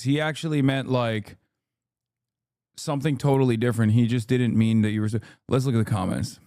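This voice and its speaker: A man's voice: medium pitch, moderate pace, dark tone, dry recording, studio quality. A man streaming casual political commentary, ranting in a profane, sarcastic, mocking way. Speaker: streamer host.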